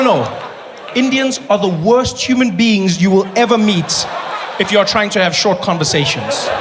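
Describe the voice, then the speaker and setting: A man performing a stand-up comedy set, telling stories with animated impressions. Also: sits high. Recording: large hall, loud audience, noisy.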